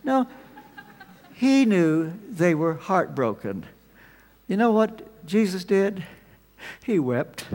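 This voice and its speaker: A man preaching a sermon, telling the story with animated swings between loud emphasis and quiet asides. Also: high voice, takes it slowly, long pauses. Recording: long reverb of a large hall.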